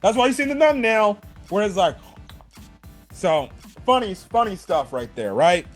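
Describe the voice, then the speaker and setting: A man giving a casual anime review, animated, emphatic, and profane. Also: high voice, a little slow, soft background music.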